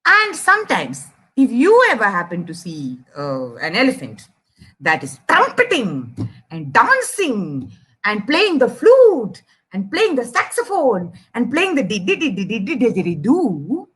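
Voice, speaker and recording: A young Indian woman telling a children's story, animated and chatty, speaking straight to the kids listening. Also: on the high side, measured pace, husky. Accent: Indian English. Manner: animated, addresses kids directly.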